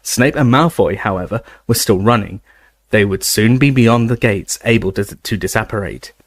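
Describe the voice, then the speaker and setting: Man, audiobook narrator, expressive dramatic reading, lowish voice, dry close recording. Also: normal speed, no room sound. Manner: expressive, raising his voice for shouted lines.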